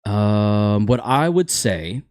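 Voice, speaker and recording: A man's voice: fairly low pitch, expressive, extremely slow, darkish tone, smooth, no echo, clean studio sound. A man hosting a casual gaming chat show, rambling and opinionated, stumbling over words now and then.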